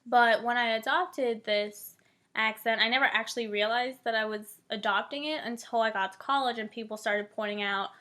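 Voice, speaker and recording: A woman's voice: a little high, fairly even intonation, normal speed, sharp tone. A woman in her twenties from Northeast Ohio, a college student casually explaining a theory, full of "like" and "um" fillers. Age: 20s. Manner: chatty, many "like" and "um" fillers.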